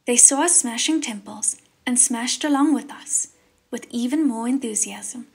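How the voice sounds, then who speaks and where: A woman's voice: on the high side, measured pace, vocal fry, husky, soft background music, full character voice. Sly little green ghost, voiced by a woman. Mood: gleeful. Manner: eager, tattling.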